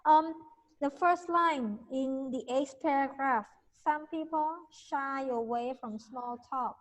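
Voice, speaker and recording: A woman leads an online English lesson, drilling her students on pronunciation and quizzing them. Her voice sits somewhat high and carries a long reverberant tail. She corrects them word by word. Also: takes it slowly. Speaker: English teacher. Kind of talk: online class teaching pronunciation. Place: video call.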